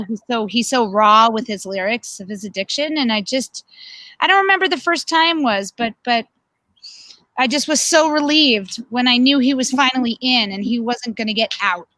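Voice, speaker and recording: A woman's voice: a little high, a bit bright, dry recording, poor audio. Heartfelt woman on a dry video call. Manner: heartfelt, halting, with restarts. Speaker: guest. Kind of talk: casual chat on a video call.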